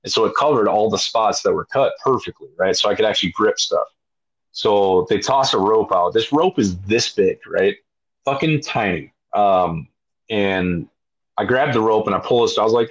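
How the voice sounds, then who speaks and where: A man, a podcast guest, telling a story with heavy swearing and loud acted-out shouts. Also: fairly low pitch, normal speed, husky, muffled recording. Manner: profane, emphatic, acts out his own shouts. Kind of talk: animated storytelling.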